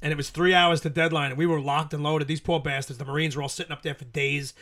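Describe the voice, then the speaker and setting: A man's voice: fairly high pitch, flat delivery, fast talker, a bit bright, a little hiss or hum. A man in his late forties, a podcast guest, telling profane, rambling war stories with lots of laughter. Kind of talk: casual storytelling.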